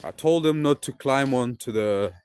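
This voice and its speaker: A young Nigerian man in his twenties, with a mixed Nigerian and British accent, chats casually and laid-back on a live stream, often filling with "like" and "bro." His medium-pitched voice is clear, resonant and a little mellow at a moderate pace, though the audio is poor.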